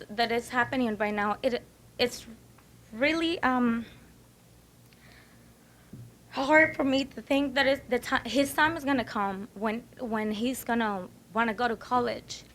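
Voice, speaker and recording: A woman's voice: fairly high pitch, a little slow, pauses often, fairly bright tone, slight background noise. A woman speaking as a concerned parent at a public comment, hesitant and full of fillers. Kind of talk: public comment at a board meeting.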